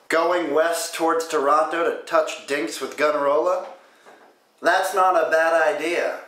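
Bright-voiced joking young man, echoey room. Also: on the high side, fairly even intonation. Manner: joking, crude, quick comebacks. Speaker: vlogger answering viewer questions. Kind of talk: casual comedic Q&A.

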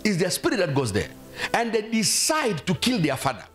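High, animated preaching man. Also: a little fast, soft background music. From South Africa. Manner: emphatic preaching with repeated hallelujahs and exhortations. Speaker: pastor. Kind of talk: sermon.

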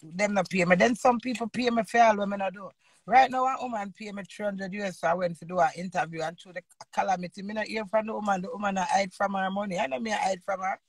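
A Jamaican woman in her fifties, an entertainer and host, ranting loudly in an unscripted live video and swearing freely. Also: mid-range voice, steady tone, fast talker, husky, no room sound. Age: 50s. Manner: loud, combative, swearing freely.

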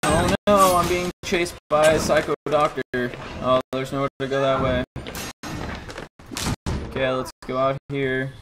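A man giving horror game commentary as a let's play gamer, jumpy and swearing constantly, breaking into panicked yelling. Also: medium pitch, steady tone, measured pace, heavy background noise. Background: game music.

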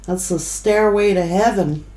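A woman giving a tarot reading, emotional and choking up, pausing to collect herself. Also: medium pitch, warm tone, echoey room, rough recording. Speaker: tarot reader.

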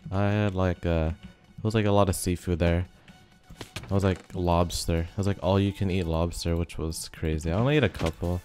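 A young man giving relaxed, rambling commentary over a game, his voice a bit rough from being sick. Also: sits low, moderate pace. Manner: rambling, filler-heavy, laid-back. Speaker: gaming video host. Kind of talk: casual commentary over gameplay. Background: faint background music.

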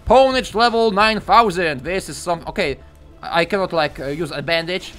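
A young man giving live gameplay commentary, excitable and profane, breaking into yelps and shouts. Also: on the high side, normal speed, soft background music.

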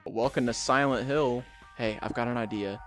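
A man chatting casually while streaming a game, quick with jokes and banter. His voice sits at an ordinary middle pitch, with faint music under it. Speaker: streamer host. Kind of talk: casual gaming chat.

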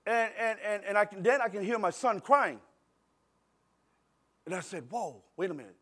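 Man, middle-aged, pastor, sermon, fairly high voice, animated, conversational storytelling. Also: moderate pace. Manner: animated, conversational, acts out scenes with shifting loudness. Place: church service.

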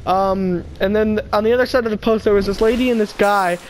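A young woman, co-hosting a casual podcast and telling a funny story with lively impressions. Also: a little fast, a little hiss or hum, rough recording. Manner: animated, mimics a drunk stranger in a high wail. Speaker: podcast co-host.

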